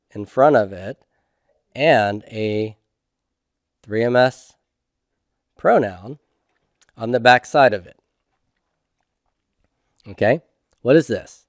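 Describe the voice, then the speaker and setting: A man's voice: medium pitch, a little mellow, no echo, clean studio sound. A man teaching a homework review lecture, patiently asking questions and answering them himself. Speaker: Hebrew instructor.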